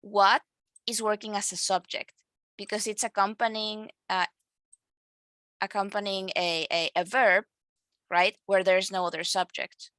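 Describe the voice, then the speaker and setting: Woman teacher, bright dry voice, lots of "like" and "um" as she explains. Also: medium pitch, level tone, measured pace, long pauses, no room sound. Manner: explanatory, many fillers and self-corrections. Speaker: English teacher. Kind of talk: online grammar lesson.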